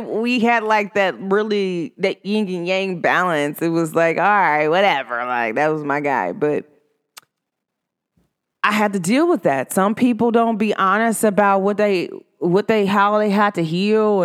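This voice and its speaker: Woman vlogger, mid-pitched and smooth, casual rambling storyteller with big pitch swings. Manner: rambling, heavy use of "like", pitch swings up and down sharply.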